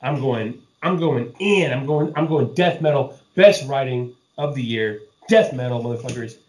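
A man co-hosting a casual podcast chat, excitable and profane, laughing often and swearing freely. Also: mid-range voice, normal speed, reverberant, rough recording. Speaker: podcast co-host.

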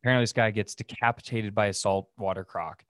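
A man's voice: lowish voice, fairly even intonation, quick pace, fairly bright tone, smooth, no echo, clean studio sound. A man hosting a casual solo podcast, rambling through stories with lots of fillers and restarts. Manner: rambling, filler-heavy, loose storytelling. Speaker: podcast host.

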